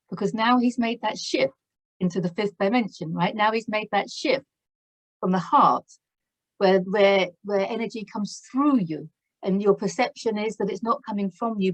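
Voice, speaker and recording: Woman, tarot reading vlog, effusive, exclaims in wonder, laughs a lot, medium pitch. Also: low-quality recording. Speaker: tarot reader.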